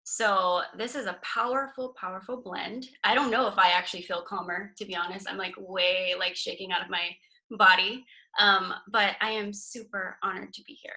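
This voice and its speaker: A young woman from Hawaii speaks on a video call with a bright, clear voice. She sounds nervous and emotional, as if she is holding back tears. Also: medium pitch, fairly even intonation, normal speed, rough recording. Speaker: guest speaker. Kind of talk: casual team call talk.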